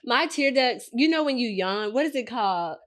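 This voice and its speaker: A woman co-hosting a podcast, chatting casually in a calm, even, dryly amused way. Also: on the high side, moderate pace. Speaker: podcast co-host. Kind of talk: casual chat.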